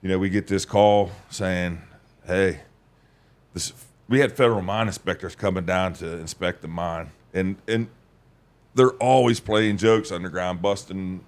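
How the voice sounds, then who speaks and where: A man, telling his life story in a rambling, folksy way. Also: measured pace. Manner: rambling, folksy, drops to a low mutter. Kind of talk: casual storytelling conversation.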